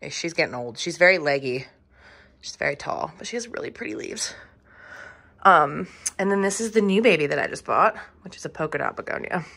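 A woman's voice: deep voice, animated, fairly quick, vocal fry, fairly bright tone, slightly rough. A woman in her thirties giving a casual, chatty tour of her room, swearing freely and saying um a lot. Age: 30s. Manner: chatty and offhand, swearing, many ums.

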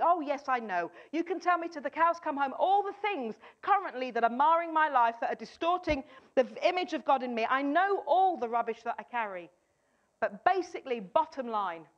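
A woman's voice: sits high, big pitch swings, normal speed, dull audio. A woman preaching a sermon, emphatic, often repeating her key phrases and acting out a doubter's replies.

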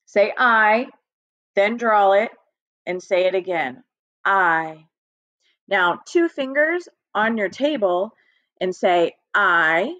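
Patient woman teacher for a kids' reading lesson, unhurried and encouraging, dull dry home recording. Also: medium pitch, animated, a bit bright, dry recording. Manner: slow, patient, encouraging, speaks directly to students. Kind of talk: recorded early-reading lesson for young children. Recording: dry, slightly dull lo-fi audio.

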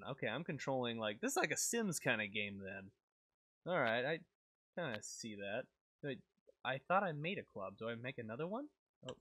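Young man, let's play commentary, rambling, jumpy, animated pitch, noisy background. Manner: rambling, easily startled, talks to himself. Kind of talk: casual gameplay commentary.

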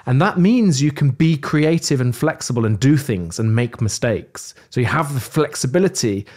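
A man's voice: medium pitch, moderate pace. A man with a British accent, a podcast guest in casual tech chat, wry and joking as he talks. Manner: wry, joking, animated storyteller.

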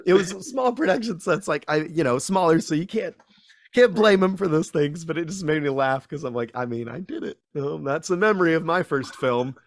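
A man, a guest actor, chatting casually in an interview and acting out quotes with lively voices. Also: a little high, brisk, no echo, studio quality. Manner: animated storyteller, acts out quotes in voices.

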